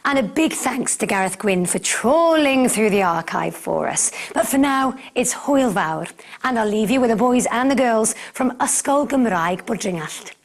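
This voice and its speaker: A woman presents a television special with a slightly husky, fairly high voice. She chats playfully with children and draws them out with warm encouragement. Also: animated, moderate pace. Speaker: host.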